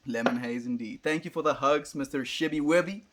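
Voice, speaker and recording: A man's voice: medium pitch, fairly quick, noisy background. A young South African man, an Afrikaans speaker, chatting casually on a livestream and musing as he answers viewers.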